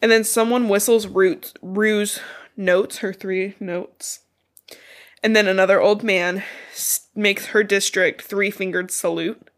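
A woman whose voice is thick with congestion, her nose stuffed up. She retells a book in loose, chatty podcast talk, cursing casually. Her pitch sits in a middling range. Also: steady tone, slow pace. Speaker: podcast co-host.

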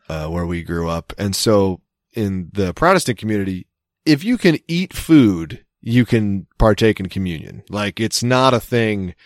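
A man's voice: on the low side, no room sound. Rambling storyteller man, dry close sound. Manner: rambling storyteller who acts out quoted voices. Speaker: podcast co-host. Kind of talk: casual chat.

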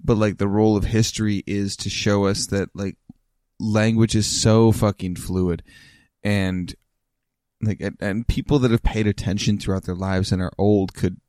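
A man's voice: on the low side, level tone, moderate pace, darkish tone, no echo. A man on a casual drinking podcast, musing at length in a thoughtful, rambling way with some swearing. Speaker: podcast co-host. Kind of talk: casual chat over drinks.

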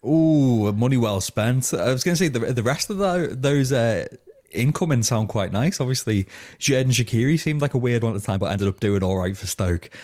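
A man's voice: medium pitch, animated, brisk, darkish tone. A man co-hosting a casual football podcast, trading wry, teasing banter. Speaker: podcast co-host.

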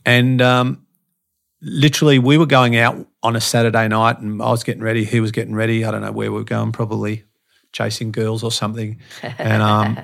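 A man's voice: lowish voice, little pitch movement, a little fast, vocal fry, fairly bright tone. A middle-aged man telling stories from his life in a casual interview, frank and profane, with many restarts and fillers. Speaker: podcast guest, fitness and behaviour speaker.

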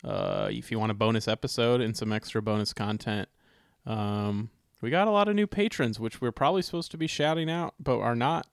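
A man hosting a comedy podcast, talking in a loose, rambling way with many fillers and pauses. His voice sits at an average pitch for a man and is recorded close and dry. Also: clean tone, no echo. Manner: rambling, filler-heavy, laughing. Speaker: podcast co-host. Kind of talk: casual comedic chat.

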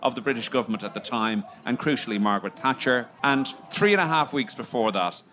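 A man's voice: mid-range voice, animated, brisk, a bit bright. A man co-hosting an interview, jumping in with leading questions and stumbling repetitions, recorded at a festival. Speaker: podcast co-host. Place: outdoor festival.

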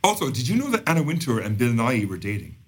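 A man's voice: mid-range voice, fast, breathy edge. A man as a podcast guest, chatting casually and with strong opinions as he recaps a TV show. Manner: animated, opinionated, laughs often.

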